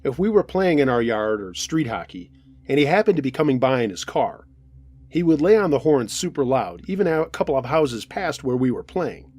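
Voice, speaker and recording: A man narrating true scary stories from listeners in the first person, in a steady storytelling way. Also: medium pitch, normal speed.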